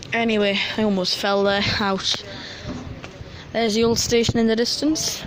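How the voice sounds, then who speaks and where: Chatty man vlogging on a platform. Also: high-pitched. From North East England. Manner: chatty, rambling, excitable about train details. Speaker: transport vlogger. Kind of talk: casual walk-and-talk vlog commentary. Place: outdoor metro station platform. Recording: noisy outdoor station sound.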